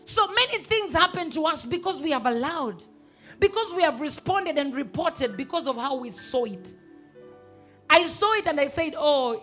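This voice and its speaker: A woman pastor, preaching a sermon emphatically and sometimes rising to a shout. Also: very high voice. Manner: emphatic, rises to shouts and acts out quoted voices.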